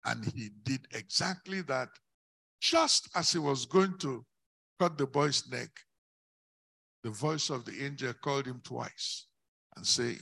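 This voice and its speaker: A man preaching a sermon, slow and declamatory, rising into emphatic shouts on key words. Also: mid-range voice, vocal fry, slightly rough.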